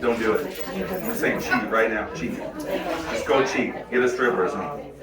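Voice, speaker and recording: A middle-aged man doing a stand-up comedy set, crude and brash, talking conversationally with sudden yelled bits. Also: on the low side, expressive, normal speed. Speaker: stand-up comic. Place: comedy club stage. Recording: echoey club from a distant mic with crowd.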